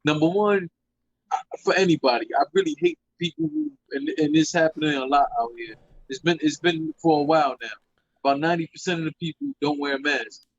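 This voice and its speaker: Blunt guy ranting in a chat, dry dull lo-fi sound, kinda high for a man. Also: big pitch swings, brisk. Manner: blunt, profane, emphatic. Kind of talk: casual chat.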